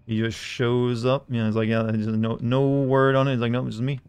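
Man, game streamer, chatty, rambling, medium pitch. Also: flat delivery, normal speed, a little mellow, clear, resonant tone, dry recording. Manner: rambling, chatty, reads in-game notes aloud. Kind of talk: casual game-stream chat.

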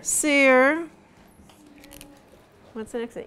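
A woman leads a pronunciation lesson at a very slow, deliberate pace. Her voice sits fairly high, and she repeats each sound patiently, stretching the vowels so learners can follow. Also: big pitch swings. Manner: patient, drills sounds slowly with repetition and light laughs. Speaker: pronunciation teacher. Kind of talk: live English pronunciation lesson.

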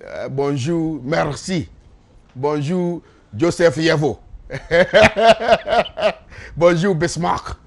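A man's voice: a little high, slow, creaky. A man hosting a live morning TV show, upbeat and chatty, with many fillers as he reads out contact details. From Ghana. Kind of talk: live TV presenting.

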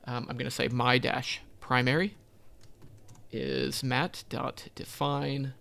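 A man's voice: medium pitch, flat delivery, takes it slowly, gravelly, pushed and bright. A man teaching a coding tutorial, thinking aloud as he types, with frequent ums and self-corrections. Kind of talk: screen-recorded coding walkthrough.

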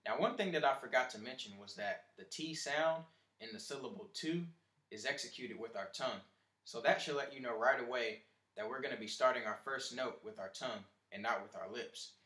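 A man teaching beginners how to play trumpet in a clear instructional lesson. He explains each step in order and counts the listener in before each try. His voice sits at an ordinary pitch and rings in a roomy, echoey space. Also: a little fast, sharp tone.

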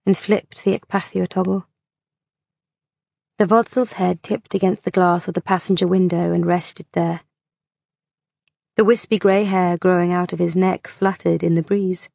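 A woman narrating an audiobook in a measured, unhurried reading voice on a close mic. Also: on the low side, flat delivery, vocal fry, a little mellow, dry recording.

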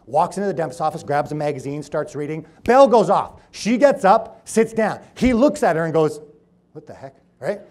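A man with a slightly raised pitch addresses a seminar audience as a chiropractor. He tells his stories with animated energy and acts out the characters. His volume climbs to emphatic peaks and drops to quiet, drawn-out points. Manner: animated storytelling, acting out quoted people, swinging between loud and hushed. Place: room with an audience.

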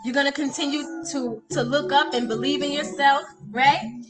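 A woman's voice: high-pitched, steady tone, normal speed. A woman, a life coach signing off her live stream, effusive and encouraging, calling out viewers by name. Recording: music playing loudly behind her. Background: loud music.

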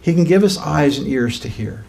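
A fairly high-voiced man gives an informal teaching sermon. He talks conversationally, keeps asking his listeners questions, and then builds up to emphatic peaks. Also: lively intonation, moderate pace, gravelly, warm tone, a little hiss or hum. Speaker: pastor.

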